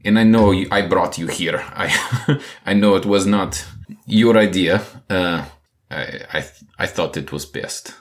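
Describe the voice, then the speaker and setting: A man voicing an earnest, hesitant male companion who halts and restarts as he talks in a tabletop role-play. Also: low-pitched. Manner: halting, full of restarts and pauses.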